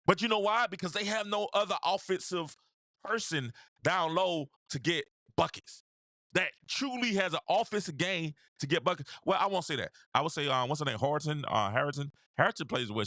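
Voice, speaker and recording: Speaking fairly quickly in a bright, pushed voice on the high side, a male host runs a basketball live stream. The studio sound is clean, without room echo. His delivery is casual and full of slang, and he greets viewers from the chat by name while repeating lines to drive them home.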